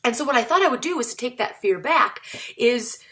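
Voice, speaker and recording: A woman's voice: fairly high pitch, expressive, brisk, pushed and bright. A woman comedian talking casually to camera, chatty and self-mocking, indoors on a camera mic. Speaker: stand-up comedian vlogging. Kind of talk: casual to-camera vlog talk.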